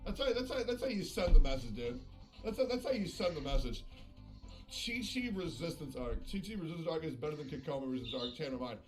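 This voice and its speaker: A man's voice: a little high, very animated, fast, faint music behind. A man chatting on a live game stream, swearing often and slipping into passive-aggressive sarcasm. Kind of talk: casual live-stream chat.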